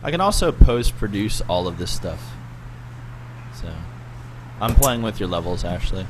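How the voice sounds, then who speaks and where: A man's voice: fairly low pitch, sing-song, measured pace. A young man with a mid-range voice that rises and falls a lot as he hosts a casual podcast. He coaches and teases his co-host and sometimes hams it up in a fake radio voice. Faint room noise sits in the background. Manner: coaching, joking, swings into mock radio voice.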